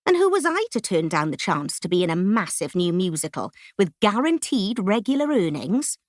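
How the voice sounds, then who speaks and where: A woman's voice: mid-range voice, moderate pace, dry recording, clean studio sound. A woman from Wales with a Swansea accent, narrating her memoir as an audiobook, telling it expressively and voicing the quoted lines. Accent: Welsh, Swansea. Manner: lively, expressive storytelling with voiced quotes.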